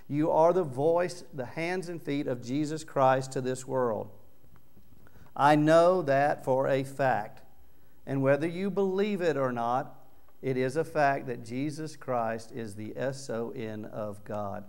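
Emphatic male preacher with a smooth voice. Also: medium pitch. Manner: earnest, emphatic preaching with loud swells on key words. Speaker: pastor. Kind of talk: sermon. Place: church sanctuary.

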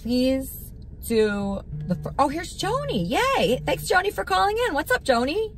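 A woman's voice: high-pitched, very animated, measured pace, slight background noise. A woman hosting a live stream, chatting casually with a caller and teasing her playfully. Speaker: livestream host.

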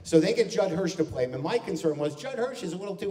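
A man, a comedian, telling a long story on a theater stage in front of a live audience, quickly slipping into voices of the people in it. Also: high voice. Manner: animated, does quick voices of people in his stories. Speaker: guest comedian. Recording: distant stage mic.

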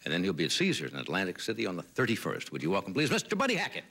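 A man hosts a late-night talk show with brief, dry prompting questions. His pitch moves a lot. The sound comes from a noisy 1980s television broadcast. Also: wildly swooping pitch, racing, creaky.

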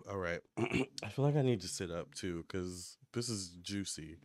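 A man giving a casual psychic tarot reading to camera, chatty and excitable as he relays what he picks up in a running commentary. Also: sits low, slow, no echo. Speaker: tarot reader and medium.

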